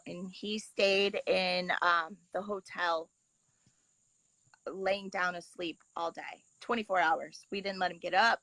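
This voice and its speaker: Woman guest, mid-pitched, matter-of-fact, dry close sound. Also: sharp tone, no room sound, low-quality recording. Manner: plain, matter-of-fact explaining. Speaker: guest, mother of a patient. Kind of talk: casual video-call interview.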